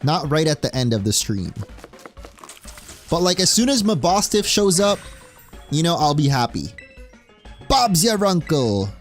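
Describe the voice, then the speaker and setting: A man's voice: fairly high pitch, very animated, normal speed, long pauses, faint music behind. A young man from Spain giving casual, jokey commentary on his video game playthrough and cheering at the screen. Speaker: streamer playing a game. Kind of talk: casual let's play commentary.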